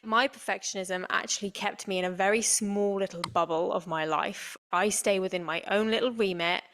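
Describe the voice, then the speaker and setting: A woman co-hosts a podcast in relaxed conversation. Her voice has a strong gravelly fry, and she speaks candidly, reflecting on herself with a self-deprecating touch. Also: medium pitch, normal speed, slight background noise. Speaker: podcast co-host. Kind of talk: casual chat.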